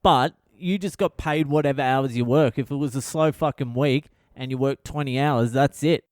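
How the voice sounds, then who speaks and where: A man hosts his own podcast, riffing alone through profane, rambling comic stories. His voice is smooth and resonant. It is recorded dry and close, with no room sound. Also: medium pitch, moderate pace, darkish tone, no room sound. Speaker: podcast host. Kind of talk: casual solo monologue.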